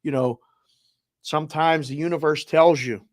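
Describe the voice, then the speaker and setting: A man's voice: on the high side, steady tone, normal speed, dry recording, studio quality. A man co-hosting a casual podcast, talking reflectively and emotionally, often trailing off. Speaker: co-host.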